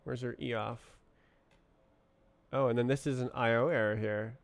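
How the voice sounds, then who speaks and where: A man thinking aloud as he works through code on a live stream, muttering to himself in halting fragments. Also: mid-range voice, fairly even intonation, clean tone. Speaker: programmer streaming live coding. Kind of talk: thinking aloud while coding.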